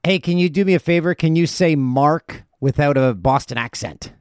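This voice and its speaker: Male podcast host, lively joking delivery, dry studio mic. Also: on the high side, moderate pace, smooth, no room sound. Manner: jokey, animated storytelling. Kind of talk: casual podcast chat.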